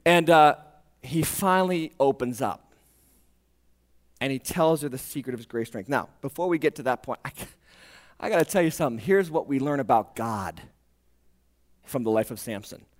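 A man preaching a sermon, animated and jokey, acting out voices and alarm-clock beeps. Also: medium pitch, normal speed, long pauses. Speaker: pastor.

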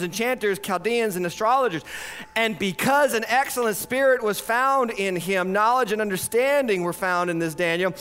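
A man preaching with a high-pitched voice. He is animated, rising to loud points and falling to hushed lines, and slips into mocking quoted voices to make his point. It sounds like a pastor in full flow of a sermon. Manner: acts out quoted voices for effect.

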